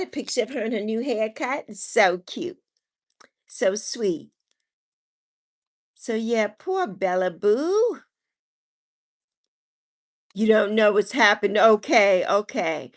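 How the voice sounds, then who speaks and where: A woman's voice: a little high, lively intonation, slow, pauses often. A woman hosting a live stream, chatting casually as she reads viewer comments, affectionate and sympathetic, calling people endearing names and repeating her kind wishes. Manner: sympathetic, repeats herself softly.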